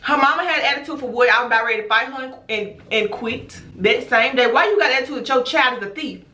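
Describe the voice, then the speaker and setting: A woman, a former teacher, telling a storytime vlog in an animated, emphatic way, speaking straight to her viewers. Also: sits high, quick pace, roomy sound. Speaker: teacher and vlogger.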